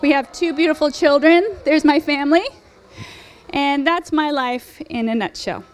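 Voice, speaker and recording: Speaking at a women's ministry event, a woman in her forties shares personal testimony in a sincere, conversational sermon full of fillers and rhetorical questions. She has a high voice and a moderate pace.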